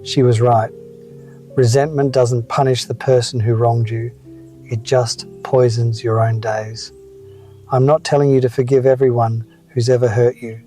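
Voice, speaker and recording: A man's voice: mid-range voice, level tone, measured pace, warm tone, faint music behind. A man in his seventies telling wry, reflective personal stories as a scripted motivational talk. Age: 70s. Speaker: motivational speaker.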